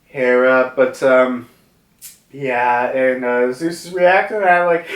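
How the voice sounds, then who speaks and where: A man's voice: medium pitch, steady tone, takes it slowly. A man casually reviewing a comic chapter, rambling with many fillers and restarts. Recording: roomy, distant from mic.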